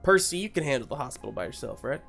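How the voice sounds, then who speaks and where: A man's voice: mid-range voice, big pitch swings, gravelly, a bit bright, faint music behind. A man playing Wilson, a sleepless hunt leader. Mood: hurried. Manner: hurried, rambling orders. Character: sleepless man leading a monster-hunting group.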